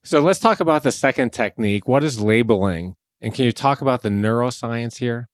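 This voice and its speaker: A man hosting a podcast, asking structured, prepared questions at a measured pace. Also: mid-range voice, animated, no echo, clean studio sound. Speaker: podcast host.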